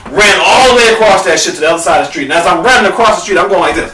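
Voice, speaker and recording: A young man with a bright, ringing voice tells a wild story at full drama, cursing freely and talking straight to his viewers. He flares into shouts at the big moments. He sits back from the mic in an echoey room, a faint hum behind him. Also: sits high, lively intonation, rapid-fire, recorded from a distance. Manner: profane, dramatic, addresses viewers as girl; bursts into shouting at peaks. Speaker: vlogger. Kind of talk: animated storytelling rant.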